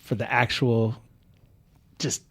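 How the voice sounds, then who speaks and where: A man's voice: mid-range voice, little pitch movement, takes it slowly, gravelly, fairly bright tone, slightly rough. A man from the American South co-hosting a sports radio show, explaining his points in a studio.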